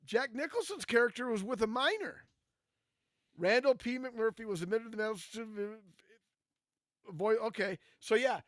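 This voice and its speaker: A man's voice: extremely high pitch, expressive, normal speed, pauses often, a bit bright, dry recording. Blunt, foul-mouthed podcast co-host man. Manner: blunt, profane, ranting. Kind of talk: casual live podcast chat.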